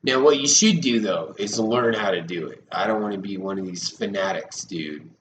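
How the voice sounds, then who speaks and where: With a fairly low voice and a moderate pace, a man in his thirties loosely rambles on a live stream, swearing and being sarcastic. There's an echo to the room and a lot of noise behind him.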